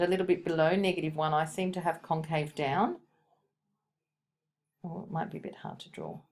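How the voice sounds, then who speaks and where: A woman teaching a recorded maths lesson, thinking aloud as she works and correcting herself now and then. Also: fairly low pitch.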